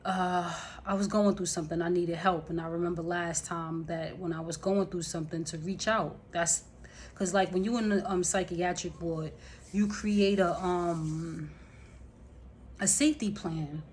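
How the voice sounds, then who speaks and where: A woman's voice: fairly low pitch, steady tone, measured pace, darkish tone, a little hiss or hum. A woman telling a personal story to her camera in a rambling, unscripted way, with many fillers and restarts. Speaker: vlogger.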